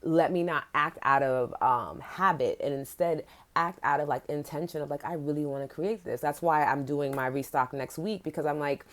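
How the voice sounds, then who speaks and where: A woman with a low voice hosts a casual livestream podcast, speaking a little fast with hardly any pauses. She's candid and chatty, scattering "like" throughout and swearing casually.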